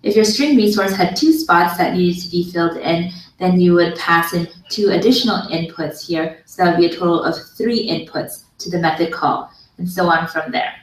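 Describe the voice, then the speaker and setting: A woman with a slightly low voice calmly narrates a programming tutorial. Her recording plays into a classroom, so it sounds echoey and distant. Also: normal speed. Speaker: online course instructor. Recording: video played into a room, heard from far.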